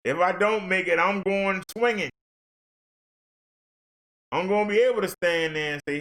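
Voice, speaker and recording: A man's voice: sits high, normal speed, pauses often, fairly bright tone. A man ranting on a livestream in a fervent, blunt, preachy way. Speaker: livestream commentator.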